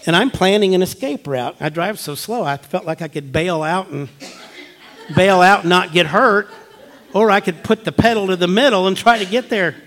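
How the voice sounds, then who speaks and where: A male pastor delivers a storytelling sermon in church. His voice sits somewhat high for a man. He drops to near-whispers for tense moments and lifts into loud, urgent appeals. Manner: storytelling, swings from hushed to emphatic.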